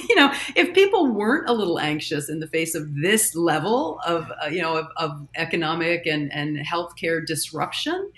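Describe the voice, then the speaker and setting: Casting: female coach, podcast guest, animated and quick to laugh, playful with inner voices. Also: deep voice. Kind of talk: conversational podcast interview.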